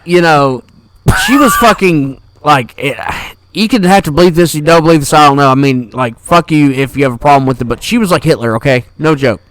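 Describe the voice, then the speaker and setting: A man's voice: fairly high pitch, a little fast, a bit bright, no room sound, low-quality recording. A young man co-hosting a podcast, telling a rambling, profane story in casual chat. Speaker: podcast co-host.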